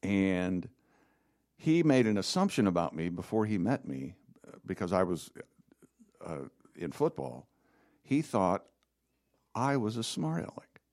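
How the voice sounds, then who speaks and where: Co-host, male, dry self-deprecating storyteller, lots of pitch movement. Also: measured pace, pauses often. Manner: wry storyteller, animated and self-mocking. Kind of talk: casual chat.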